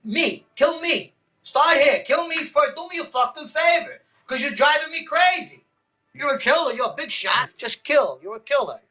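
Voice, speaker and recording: An actor playing a hot-tempered younger brother in a film scene, ranting profanely in rapid bursts. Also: male voice, very high voice, expressive, bright, forceful tone, full character voice. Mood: taunting. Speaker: film character.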